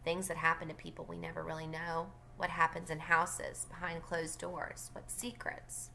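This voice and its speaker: A woman voicing a sharp-tongued older neighbor woman from the South, with a dry, blunt, wry way of talking. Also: fairly low pitch, monotone, moderate pace, gravelly, a little hiss or hum.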